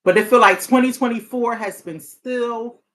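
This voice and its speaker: A woman's voice: a little high, normal speed, a bit bright. A woman hosting a talk show as a therapist, speaking earnestly in a casual, heartfelt way. She often restarts her sentences and breaks into laughter.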